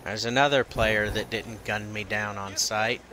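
Sarcastic gamer guy, slow delivery, bright tense tone. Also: fairly low pitch, steady tone. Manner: sarcastic, joking, cussing. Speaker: gamer playing online with a friend. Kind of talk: casual gaming chat.

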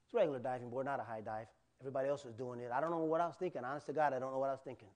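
A male pastor preaching a sermon, telling a personal story with animated acted-out cries and asides to the congregation. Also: medium pitch, racing. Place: church.

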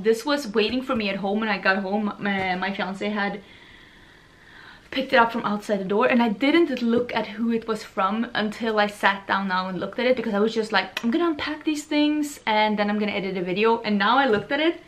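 A young woman from Sweden chatting excitedly as she unboxes beauty products for her vlog, gushing and chatty. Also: medium pitch, moderate pace. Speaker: beauty vlogger.

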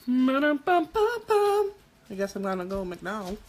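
Bright, chatty woman in her thirties. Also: mid-range voice, expressive, unhurried. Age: 30s. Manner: chatty, jokey, swears freely. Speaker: makeup tutorial livestreamer. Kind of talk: casual live makeup tutorial.

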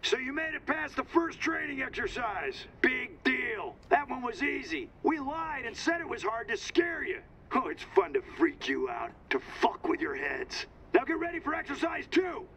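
A sneering drill instructor. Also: male voice, very high-pitched, sing-song, normal speed, few pauses, fairly bright tone, a little hiss or hum, full character voice. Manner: sneering, insulting. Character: mocking male drill instructor over a speaker, contemptuous.

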